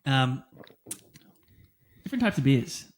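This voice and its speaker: Young aussie guy, average pitch, teasing his mate, laid back podcast chat. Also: sing-song, unhurried. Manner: playful, teasing, runs the games. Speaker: podcast co-host. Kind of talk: casual chat.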